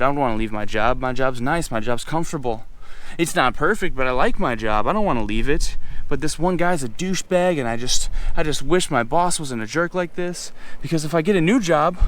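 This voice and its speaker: A man's voice: mid-range voice, smooth. Emphatic young man ranting to camera. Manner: animated, emphatic, profane. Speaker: vlogger. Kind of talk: casual ranting vlog. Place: outdoors in a city in rain.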